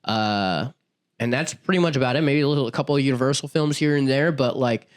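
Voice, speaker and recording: A man's voice: mid-range voice, fast talker, smooth. Rambling casual podcast co-host man. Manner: rambling, filler-heavy, laughs often. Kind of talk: casual chat.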